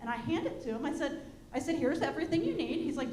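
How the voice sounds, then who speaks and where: A woman's voice: sits high, sing-song, fast talker, a little mellow. A woman telling a personal story in a chatty way and putting questions to the audience. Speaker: panel speaker. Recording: echoey room with faint hum.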